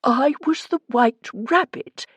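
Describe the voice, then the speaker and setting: A fussy, doting man who frets and flutters, his voice lifting high and soft with worry and delight, as a woman narrator puts him on. He sounds set apart from the narration, lighter and more breathy, a warm audiobook character. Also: wildly swooping pitch, moderate pace, no room sound, heavily acted. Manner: anxious, doting, easily scandalised. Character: fussy, kindly, worried older man.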